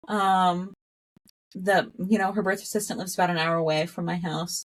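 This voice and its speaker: Woman, podcast guest, casual storytelling, animated, laughs a lot, lower pitch. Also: moderate pace. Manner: animated, laughs often, acts out her own past words.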